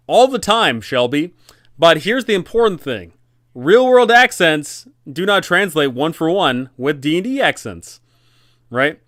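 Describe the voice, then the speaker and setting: A man hosting a casual tabletop-game advice talk, animated and rambling, correcting himself often. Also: fairly high pitch, no echo, studio quality. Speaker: dungeon master and channel host.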